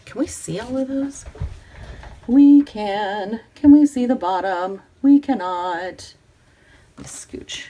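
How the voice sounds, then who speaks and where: Slow and medium-pitched, this crafting channel host from the Pacific Northwest talks casually to her viewers and herself as she works, sometimes dropping into soft whispers. Slight background noise can be heard.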